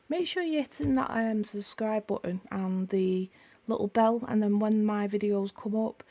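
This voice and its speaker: The same woman, still croaky from a sore throat, unboxes craft supplies for her channel in a relaxed, rambling way, catching and correcting herself. This time her voice is medium in pitch and mellow.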